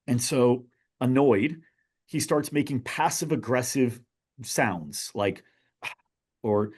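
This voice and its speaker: A man guesting on a podcast, telling a parable in an animated way and asking his listeners questions. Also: medium pitch, takes it slowly, slightly rough. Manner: animated storyteller who addresses his listeners directly. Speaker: guest, business author. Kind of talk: podcast storytelling.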